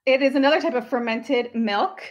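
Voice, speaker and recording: A Scottish woman chatting casually on a podcast, bubbly and quick to laugh. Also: high-pitched, muffled recording. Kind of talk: casual chat.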